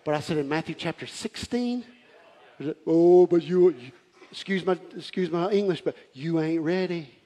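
A man preaching a fervent sermon. He often shouts and laughs as he preaches. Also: on the high side, moderate pace. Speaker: pastor. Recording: live church hall with reverb and faint crowd.

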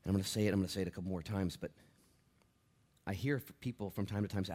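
A middle-aged pastor preaching a sermon, swinging from loud bursts to quiet, hushed asides. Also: male voice, low voice, steady tone, racing.

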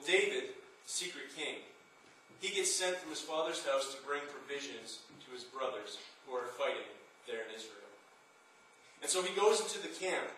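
A man delivers an impassioned sermon, retelling a story with dramatic build-ups. His voice sits high, and the sound comes from a distance in a very echoey room with faint background noise. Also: bright, forceful tone. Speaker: preacher.

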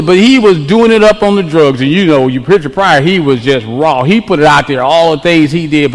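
A man preaching a sermon to a congregation, swinging from quiet musing to loud emphasis with repeated refrains. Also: sits high. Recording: long reverb of a large hall.

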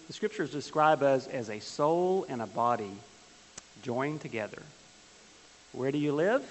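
Guy teaching a bible class, folksy and jokey, a bit higher voice, long echo and some hiss. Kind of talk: church teaching with stories. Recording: hissy, long-reverb hall.

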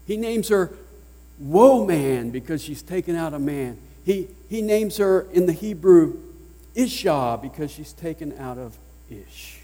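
Southern preacher with mellow tone, hall reverb. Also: male voice, on the high side. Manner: emphatic preaching, swinging from loud to hushed. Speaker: pastor. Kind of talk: sermon. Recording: long reverb of a large hall.

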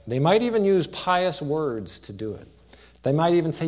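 A man preaching a sermon as pastor in a church, earnest, rising to loud emphasis and dropping to hushed near-whispers. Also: a little high, big pitch swings, quick pace.

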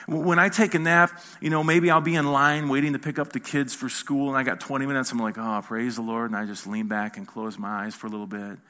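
A male pastor preaching in a conversational style, asking the audience questions and swinging between loud emphasis and hushed moments. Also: medium pitch. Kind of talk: sermon.

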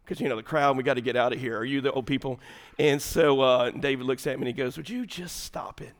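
A man, preaching an animated sermon full of comic stories, swinging from shouts to hushed lines. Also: medium pitch, fast. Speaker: pastor.

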